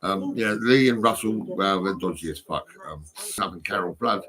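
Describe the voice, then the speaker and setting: A British man rants to camera in a lowish voice, cursing, insulting and stumbling through fillers. Behind him a TV news broadcast plays loudly. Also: moderate pace, a crowd in the background, poor audio. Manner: foul-mouthed, insulting, rambling with many fillers. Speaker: vlogger. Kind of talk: rambling rant to camera.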